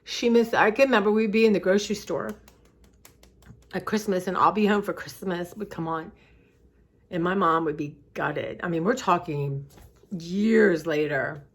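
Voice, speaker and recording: A woman's voice: lowish voice, normal speed, long pauses, slightly rough. A middle-aged woman vlogging in a casual, rambling way, reflective and heartfelt, tired and close to tears. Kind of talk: casual personal vlog chat.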